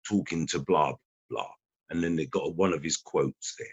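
A man's voice: very deep voice, moderate pace, husky, dry recording. A man rambling through casual chat and acting out quotes as he tells stories. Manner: animated storyteller acting out quotes. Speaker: guest. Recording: dull lo-fi podcast recording.

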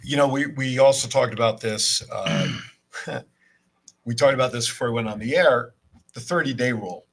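A man's voice: medium pitch, moderate pace, vocal fry, breathy edge. A man co-hosting a podcast, chatting casually about wrestling, laughing often and restarting his sentences. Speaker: podcast co-host.

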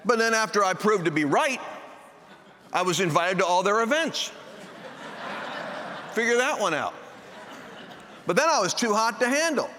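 Male preacher, joking storyteller who acts out quoted voices; forceful tone, faint noise behind. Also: sits high, expressive, moderate pace, pauses often. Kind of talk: sermon. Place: large meeting hall with a live audience. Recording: long hall reverb, faint background noise.

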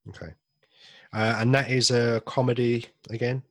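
A man's voice: medium pitch, level tone, normal speed, a bit bright, no echo. A man co-hosting a podcast in casual chat, joking, reading film synopses aloud and swearing now and then. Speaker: podcast co-host.

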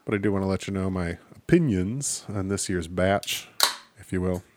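There's background noise behind this deep-voiced podcast host, a man in his thirties talking at normal speed. Alone on his casual show, he pokes fun at himself and swears without much thought.

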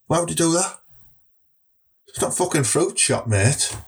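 A man's voice: fairly high pitch, animated, a little slow, husky. A man with a Teesside accent answering viewer questions in a rambling, crude, joking way. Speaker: comedy vlogger. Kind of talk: casual comic Q&A.

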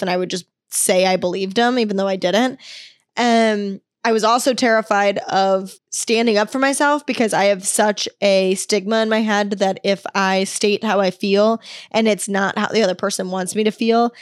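A woman's voice: medium pitch, no room sound. Young woman host, casual solo storytelling, blunt and profane, close dry mic. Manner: candid and profane, exasperated. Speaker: podcast host.

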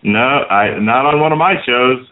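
A man hosting a radio talk show, animated and quick to laugh and jump in with questions. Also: mid-range voice. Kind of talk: casual talk show conversation. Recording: phone-like narrow sound.

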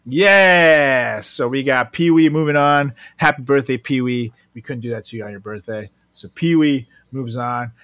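Bright-voiced laughing male podcast host. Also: medium pitch, moderate pace, hardly any pauses, no room sound, studio quality. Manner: laughing, profane, joking. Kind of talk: casual chat.

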